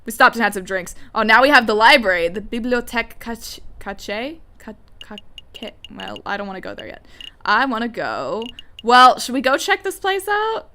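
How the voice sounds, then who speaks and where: Young woman, let's play host, chatty, rambling, bright voice, fairly high pitch. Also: sing-song, normal speed. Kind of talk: casual game commentary.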